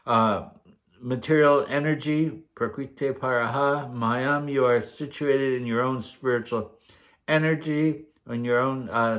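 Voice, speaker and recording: A man teaching a scripture class, reading verses aloud, chanting Sanskrit lines slowly and explaining them with frequent pauses and fillers. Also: medium pitch.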